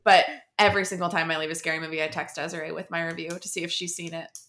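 Podcast co-host: woman, lowish bright voice, self-deprecating, talks fast when excited. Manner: self-deprecating, quick, laughing. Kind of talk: casual podcast chat.

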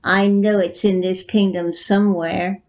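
A woman voicing a cruel, gloating female witch in a read-aloud story, drawing out her threats slowly. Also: medium pitch, little pitch movement, natural voice. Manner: slow, drawn-out gloating delivery.

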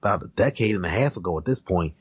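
A man's voice: sits low, lively intonation, quick pace, husky, highs cut off. A man co-hosting a podcast, chatting loosely about movies with plenty of profanity and fillers. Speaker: podcast co-host. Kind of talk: casual chat about movies.

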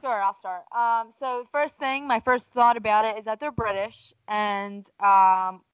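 Woman joking around on a podcast, kinda high voice, dead dry muffled audio. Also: fairly even intonation, a little slow, clear, resonant tone, no room sound. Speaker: podcast co-host. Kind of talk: casual podcast banter. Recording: dry, dull lo-fi sound.

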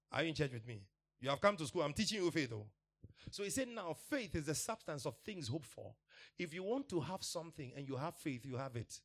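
A man preaching a sermon, emphatic and repetitive, with laughs between points. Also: mid-range voice.

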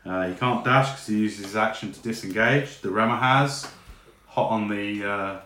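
Man, game master, relaxed chatty narration, echoey room. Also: fairly low pitch, moderate pace. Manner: relaxed, chatty, with frequent fillers. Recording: echoey room with faint noise.

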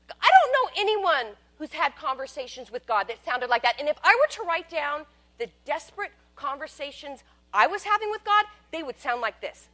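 A woman telling a personal story as a monologue, wry and candid, swinging between loud bursts and hushed asides. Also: high voice, very animated, normal speed.

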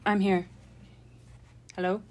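A woman's voice: medium pitch, level tone, slow, darkish tone, slight background noise. Chatty young woman podcast co-host. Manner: chatty, swears casually, laughs a lot. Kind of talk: casual chat. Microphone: remote call.

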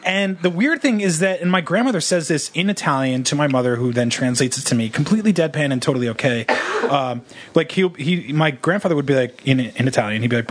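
A man's voice: mid-range voice, fast talker. Man telling a family anecdote. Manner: animated storyteller doing family anecdotes. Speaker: podcast co-host. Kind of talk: casual comedy chat.

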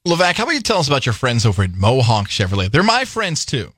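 A man's voice: mid-range voice, wildly swooping pitch, fast talker, fairly bright tone, no echo, studio quality. A man co-hosting a sports radio show, playful and jokey, breaking down upcoming games in casual chat. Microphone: studio microphone.

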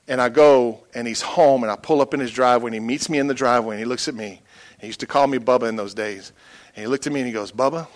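Preacher man, mid voice, tells a heavy personal story, goes soft then really loud. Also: medium pitch. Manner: emotional storytelling, swings from quiet to loud. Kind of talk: sermon.

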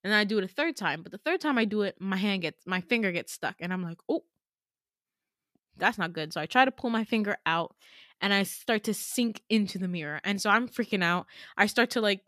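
A woman's voice: medium pitch, expressive, quick pace, a bit bright, dry recording, studio quality. A young woman hosting a podcast and telling a dream story in casual chat, full of fillers, swearing and self-mocking laughs. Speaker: podcast host. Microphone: home podcast mic.

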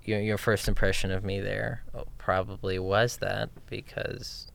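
A young man telling a story in a casual chat with his partner, animated and mimicking voices. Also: lowish voice, a little slow, creaky. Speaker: partner in a couple's conversation.

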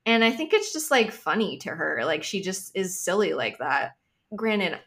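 A woman astrologer appears as a guest on a podcast, talking casually in a mid-range, fairly bright voice. She's thoughtful and emphatic, often adding hedging asides.

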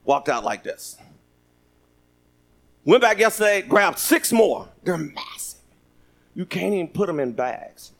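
A man's voice: high-pitched, big pitch swings, unhurried, gravelly, pauses often. A man preaching a sermon, reading scripture and joking with the congregation. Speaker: pastor. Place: church sanctuary.

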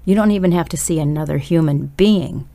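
Low, gravelly-voiced woman preaching urgently. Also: brisk, dark tone. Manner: urgent, emphatic exhortation addressed straight to listeners. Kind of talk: sermon.

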